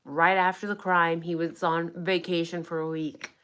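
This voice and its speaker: A young woman talking straight to her chat in a casual livestream. She is blunt and sarcastic, swears without a second thought, and her voice sits a little low. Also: little pitch movement, normal speed, a bit bright, clear, resonant tone. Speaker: true crime commentator.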